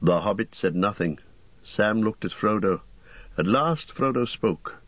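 Low-voiced male audiobook narrator. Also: lively intonation, a little slow, dry recording, lo-fi sound. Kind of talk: scripted narration.

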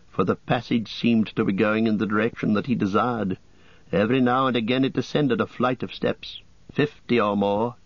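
A man reading an audiobook in a steady, measured narration. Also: on the low side, no room sound. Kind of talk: scripted narration. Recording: dull lo-fi cassette.

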